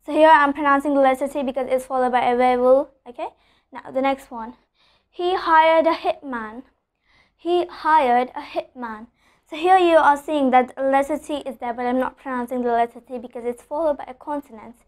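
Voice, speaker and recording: High-voiced woman teaching pronunciation. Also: steady tone. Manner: explanatory, repeats with "okay?", slows down for example sentences. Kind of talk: online English lesson.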